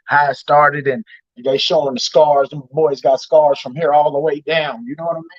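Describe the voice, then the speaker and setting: A man hosting a casual chat and telling animated, slang-heavy stories, acting out the people he quotes. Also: a little high, normal speed, no echo. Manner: animated storytelling, slangy and profane, acts out quoted voices. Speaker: host. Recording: dull, lo-fi stream audio.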